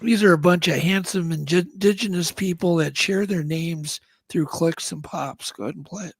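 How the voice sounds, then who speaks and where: Gravelly husky male radio co-host. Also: on the high side, normal speed, no room sound. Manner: chatty, laughs often, plays clips. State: coughing with a cold. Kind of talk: casual radio show chat.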